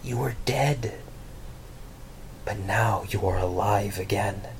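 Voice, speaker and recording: A man as a calm, gentle Jesus. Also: slow, a little hiss or hum, poor audio. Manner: soft, low and gentle. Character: calm, kind adult male Jesus.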